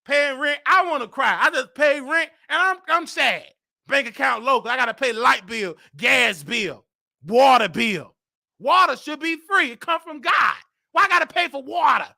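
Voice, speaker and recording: Guy hosting a comedy show, real high gravelly voice, ranting and yelling, all worked up. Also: expressive, moderate pace. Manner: exaggerated, indignant, bursts of shouting.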